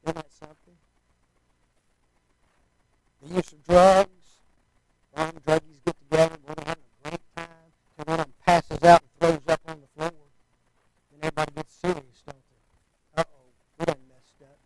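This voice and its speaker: A man's voice: on the high side, flat delivery, moderate pace, creaky, long pauses, low-quality recording. A man preaching a sermon in a folksy, conversational way, often asking the listeners rhetorical questions.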